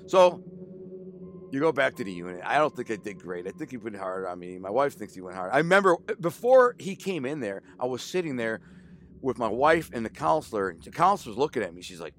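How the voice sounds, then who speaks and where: Man, 40s, candid storyteller; casual street slang, animated retelling with quoted dialogue, mid-range voice. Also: medium pitch, a little fast, a little hiss or hum.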